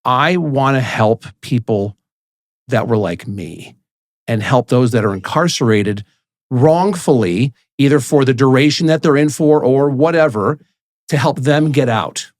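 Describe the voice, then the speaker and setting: A man's voice: medium pitch, animated, a little slow. A male podcast host talks in a mid-range voice. He circles his questions and restarts his sentences as he leads the interview. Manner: rambling, restarts often.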